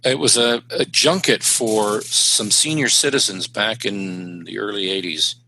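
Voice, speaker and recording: Bright-voiced, low-pitched comedian telling stories. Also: male voice, measured pace, slight background noise, poor audio. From Canada. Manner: anecdotal, wry, with punchline delivery. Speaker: stand-up comedian guest. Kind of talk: casual storytelling chat.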